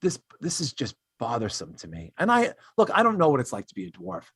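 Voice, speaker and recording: A man's voice: mid-range voice, wildly swooping pitch, brisk, a bit bright, slightly rough, no room sound, studio quality. A man hosting a casual comedy podcast, ranting in an exasperated way with lots of fillers and restarts. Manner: switches to mocking put-on voices when quoting others. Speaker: podcast host.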